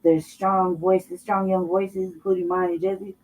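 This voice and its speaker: Blunt, swearing woman co-host, mellow voice. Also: lowish voice, flat delivery, unhurried, slight background noise. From Colorado. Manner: blunt, emphatic, heavy swearing. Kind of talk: casual political talk show. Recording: dull, somewhat distant mic.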